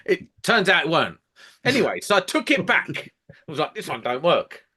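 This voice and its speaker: A man telling a sweary, animated story as a podcast co-host. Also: fairly high pitch, fairly quick, slightly rough. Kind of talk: casual chat, ranting anecdote.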